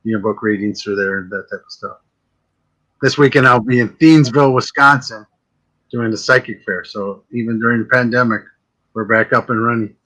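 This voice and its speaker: Male guest, casual joking storyteller, bright forward voice. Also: mid-range voice, low-quality recording. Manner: joking storyteller, quick asides. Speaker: guest psychic medium. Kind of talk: casual chat.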